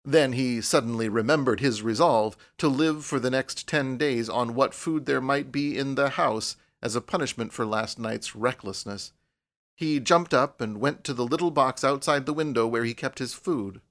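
A man narrating a storybook in a measured, even way, with a voice that sits at an ordinary middle pitch for a man. The delivery is steady, unhurried reading. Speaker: audiobook narrator. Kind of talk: scripted narration.

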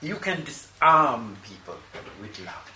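An animated man tells a story in reply to a question, acting out the dialogue he quotes, in a mid-range voice at a slow pace. The sound is echoey and noisy, captured from a distant mic.

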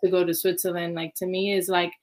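A woman's voice: on the low side, flat delivery, fast, darkish tone. A woman, a ballet dancer, chatting as an interview guest and acting out her own past reactions with lots of fillers. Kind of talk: casual interview storytelling.

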